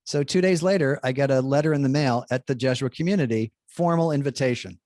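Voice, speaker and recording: A man of middling pitch spins a lively personal story, chatty and full of fillers and self-corrections, slipping into the voices of the people he quotes. He sounds like a Jesuit priest talking as a guest, recorded close and dry with no room sound. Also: fast talker, dry recording. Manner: chatty, many fillers and restarts, acts out dialogue. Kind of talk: animated anecdote telling.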